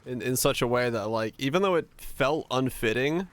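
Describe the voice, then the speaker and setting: A man's voice: mid-range voice, animated, normal speed. A man streaming live, rambling casually to his viewers with lots of filler words. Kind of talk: casual livestream chat with viewers.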